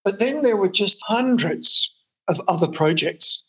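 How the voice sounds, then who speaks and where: Bright husky-voiced man. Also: high-pitched, measured pace, low-quality recording. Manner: animated, enthusiastic anecdotes. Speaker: musician guest. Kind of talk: interview storytelling.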